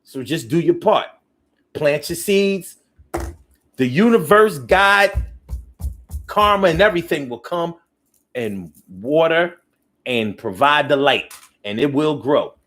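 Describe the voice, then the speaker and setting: A man with a fairly high voice hosts a call-in show and reads out what his viewers write. He talks loose and slangy and gets preachy, circling back over the same lines to hammer a point home. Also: slow, pauses often, soft background music. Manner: animated, preachy, repeats phrases for emphasis; loose, slangy speech with many restarts. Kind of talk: live call-in talk show, reading viewer comments.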